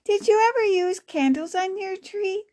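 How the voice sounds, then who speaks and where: A woman's voice: very high voice, normal speed, a little mellow, pitched above the performer's own voice. A woman voicing a curious, eager young girl in a read-aloud storybook.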